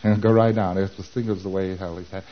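A man giving a lecture, acting out exchanges with quick mumbled asides. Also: low-pitched, fairly even intonation, highs cut off. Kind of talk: recorded lecture.

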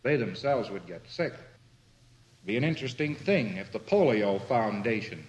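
A man's voice: fairly low pitch, big pitch swings, unhurried. Chuckling man lecturing in an echoey room. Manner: chuckles at his own points, asks rhetorical questions. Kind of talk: conversational lecture with anecdotes.

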